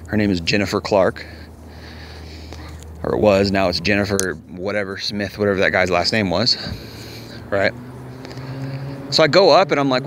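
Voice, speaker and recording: A man's voice: medium pitch, fairly bright tone, slight background noise. A man telling a personal story in casual, rambling vlog style, candid and profane, repeating himself as he goes. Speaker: vlogger.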